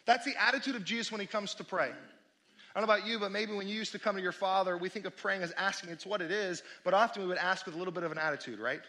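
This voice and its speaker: A man preaches to his congregation in a high, bright voice. He swings from loud exclamations to quiet, hushed asides as he speaks. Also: rapid-fire. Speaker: pastor. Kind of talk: sermon.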